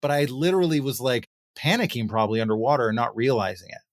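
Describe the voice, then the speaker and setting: A man in a casual podcast chat, laying out a story at a loose pace full of fillers. His voice sits at a middling pitch, and the recording is dry and close-miked. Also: fast talker, dry recording. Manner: relaxed, anecdotal, filler-heavy. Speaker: podcast host.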